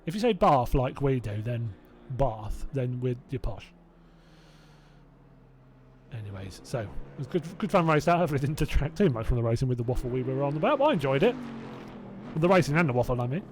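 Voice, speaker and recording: Very animated and brisk, this mid-range, slightly mellow male voice comes with a little hiss or hum. He's a southern-accented Hertfordshire man calling a sim race live and rambling with viewers between calls. Chatty by nature, he throws in self-doubting remarks and chuckles to himself.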